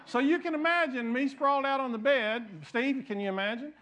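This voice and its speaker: A man's voice: extremely high pitch, fairly quick, pushed and bright, a little hiss or hum. A middle-aged man preaching a sermon in church, telling a folksy story with frequent restarts and asides to the congregation. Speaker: pastor.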